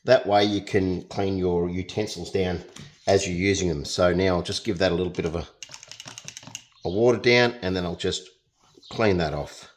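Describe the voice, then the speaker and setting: With a low-pitched, steady voice at normal speed, a young Australian painting tutor talks his way through a demonstration. He keeps it chatty and jokey while he works.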